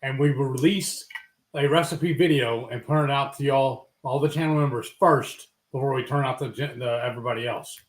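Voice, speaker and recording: A man's voice: mid-range voice, normal speed. A man co-hosting a live cooking stream, explaining things in a rambling way with lots of fillers. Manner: rambling, searching for words with fillers. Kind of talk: casual live-stream chat. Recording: echoey room.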